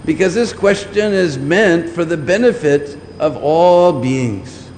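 A preacher with a fairly high, slightly mellow voice talks a little slowly and pauses little. His scriptural lecture circles back over its points, often checking listeners with "hmm?". Long hall reverb and faint background noise mark the recording.

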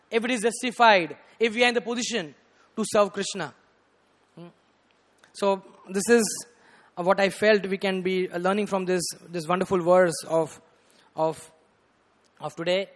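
A man preaching a storytelling sermon, animated and rising to loud bursts, often saying "you know". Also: sits high. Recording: reverberant hall.

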